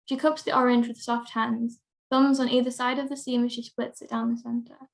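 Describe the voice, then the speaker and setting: A teenage girl reading her own prose piece aloud in a steady, measured way. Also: fairly high pitch, creaky. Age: teens. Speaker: young writer.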